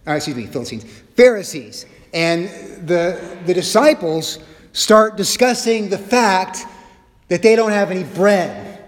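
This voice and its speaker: A middle-aged man preaching a sermon as pastor, expressive and humorous, shifting his pace and loudness as he acts out quotes. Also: high-pitched, measured pace, reverberant, big-room sound.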